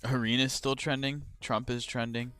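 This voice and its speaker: A young man live-streaming crypto trades, chatting casually to his viewers and ranting about his moves with swearing and sudden loud outbursts. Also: mid-range voice, level tone, moderate pace, clear, resonant tone, soft background music. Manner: frustrated, swearing, rambling, bursts of loud outrage.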